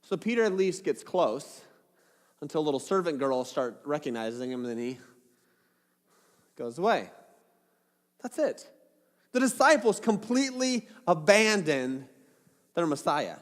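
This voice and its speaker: A male pastor preaches in a relaxed, joking way, breaking into dramatic retellings. His voice sits high and swings widely. Long reverb from a church hall trails each phrase. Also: a little slow, long pauses. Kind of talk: sermon.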